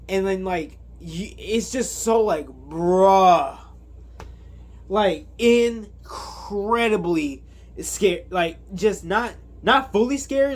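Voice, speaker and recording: Slow, rambling guy recapping a movie. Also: high-pitched. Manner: rambling, filler-heavy, self-correcting. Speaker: movie reviewer.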